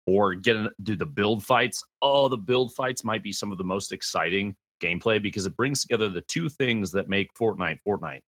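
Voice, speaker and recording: A man, a guest streamer on a gaming podcast, telling animated stories and acting out quotes. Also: lowish voice, moderate pace, hardly any pauses, husky, dry recording. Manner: animated storyteller, acts out quotes. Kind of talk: podcast conversation.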